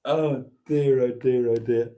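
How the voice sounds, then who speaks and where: A Welsh man hosts a casual livestream, reading viewers' comments aloud in a theatrical, camp, chatty style. His medium-pitched voice is mellow and steady, and he speaks slowly.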